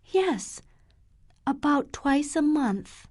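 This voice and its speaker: A woman reading the lines of a quiet, obedient young daughter in a gentle, pleading, higher voice. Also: sing-song, extremely slow, exaggerated voice.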